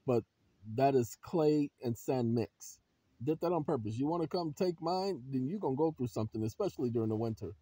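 A man with a husky, slightly rough voice hosts his own video channel. He talks straight to his viewers, calling them ladies and gentlemen, and lectures them with one pointed question after another. The sound is dry, with no room around it. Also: mid-range voice, dry recording. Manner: preachy, fires rhetorical questions at viewers. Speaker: channel host. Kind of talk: emphatic vlog commentary.

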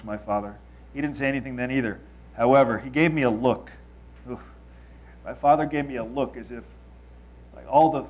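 A man in his thirties from Los Angeles, telling a confessional story to an audience. He swings between loud emphasis and quiet asides. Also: medium pitch. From Los Angeles, United States. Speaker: speaker.

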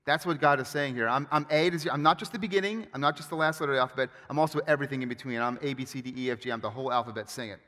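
A man preaching a sermon as pastor, with animated, emphatic storytelling and frequent restarts. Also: medium pitch, rapid-fire, few pauses. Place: church sanctuary. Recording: long hall reverb.

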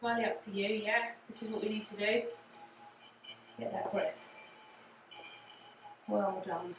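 This fitness instructor has an English accent and a steady, slightly slow way of speaking as she leads a guided low impact cardio class. She's encouraging, repeats "again" and "yeah," and is out of breath at times. Music plays in the echoey space, picked up by a distant mic.

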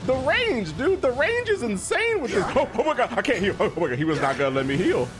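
A man giving excitable, slangy commentary while playing a video game, yelling and calling everyone bro. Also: very high voice, quick pace. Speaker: gaming streamer. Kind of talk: gameplay commentary. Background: game music.

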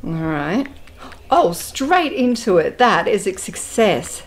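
A woman's voice: medium pitch, very animated, slow, slight background noise. A woman chatting casually through a food taste test, enthusiastic and playful, with savoring sounds between bites.

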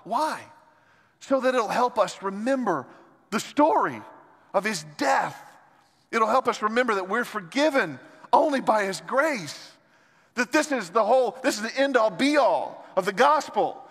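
Male pastor preaching in a big church, fairly high voice, long hall reverb, passionate delivery swinging soft to loud. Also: very animated, a little slow. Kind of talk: sermon. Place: large church sanctuary.

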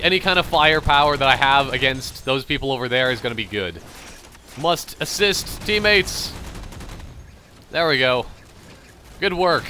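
A man's voice: fairly high pitch, bright, forceful tone, a little hiss or hum. A young man with a light Canadian accent, rambling chattily as he comments on his own gameplay. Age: young adult. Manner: rambling, chatty, thinking aloud. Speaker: gamer commentator.

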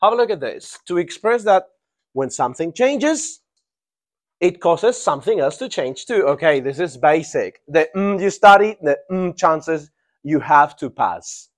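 Energetic male English teacher drilling phrases. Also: fairly high pitch, unhurried. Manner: checks in often, laughs, repeats phrases for drilling. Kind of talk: live classroom grammar lesson.

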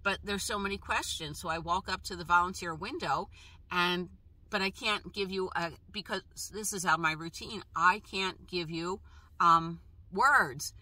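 A woman with a bright, fairly low voice tells personal stories to her camera. She talks casually and haltingly, pausing, restarting and filling gaps with "uh." The sound is close and dry, with no room echo. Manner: halting, with frequent pauses, restarts and fillers. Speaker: travel vlogger.

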